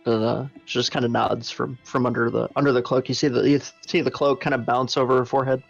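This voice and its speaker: Gravelly, hesitant male player. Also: mid-range voice, flat delivery, quick pace, muffled recording, soft background music. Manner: hesitant, repeats words. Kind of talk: describing his character's actions.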